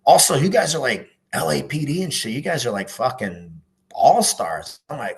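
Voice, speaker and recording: A man's voice: mid-range voice, sing-song, normal speed, vocal fry, poor audio. A middle-aged man, a former police officer, talking in a casual podcast interview, earnest and emphatic, swearing freely.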